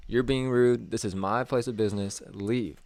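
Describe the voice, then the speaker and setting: A man's voice: medium pitch, normal speed. A man co-hosting a podcast, telling a story in casual chat and acting out the people in it. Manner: animated, acts out quoted people with a raised voice. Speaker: podcast co-host.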